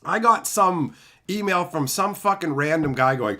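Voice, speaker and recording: Canadian guy ranting on stream, swears a ton, voice jumps all over, bright. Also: fairly high pitch, a little slow. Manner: profane, ranting, animated. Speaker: YouTuber and streamer. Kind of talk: profane livestream rant.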